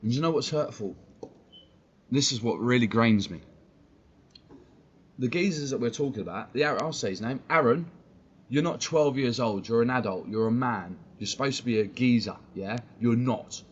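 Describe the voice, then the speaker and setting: A man's voice: mid-range voice, moderate pace, slightly rough, dull audio. A man, talking on a live stream in a blunt, slangy way and swearing freely. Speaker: football fan streamer.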